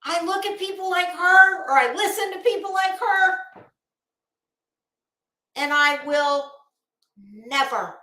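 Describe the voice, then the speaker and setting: A woman's voice: extremely high pitch, expressive, slow, long pauses, sharp tone, echoey room. A woman hosting a live commentary stream, rambling bluntly and sarcastically while greeting her viewers.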